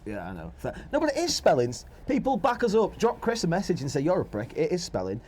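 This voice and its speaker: A young man bantering on a podcast, playfully boasting and mocking himself. His voice sits a bit higher than most men's. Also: wildly swooping pitch, fast talker, darkish tone. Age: young adult. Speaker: podcast co-host. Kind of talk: casual banter.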